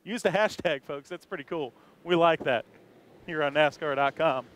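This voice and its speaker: A man's voice: fairly high pitch, normal speed, fairly bright tone. A man roving a race garage as a reporter, chatty and jokey, laughing often as he introduces drivers. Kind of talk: roving live garage commentary. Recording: noisy garage ambience.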